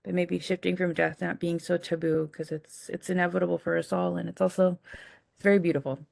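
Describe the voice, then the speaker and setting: Low, gravelly young woman sharing gently. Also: flat delivery, dry recording, studio quality. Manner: soft, halting, with frequent fillers. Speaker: panelist. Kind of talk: reflective personal sharing.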